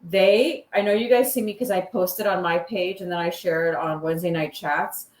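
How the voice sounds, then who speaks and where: A woman's voice: on the low side, fairly even intonation, normal speed, echoey room. A woman co-hosting a casual live chat show, reading out viewer comments and laughing easily. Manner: giggly, reads out comments.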